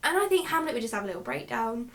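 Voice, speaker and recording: A young woman co-hosting a book vlog, chatting in an animated, giggly way with lots of "like". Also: a little high, very fast. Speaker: book vlogger co-host. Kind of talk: casual chat.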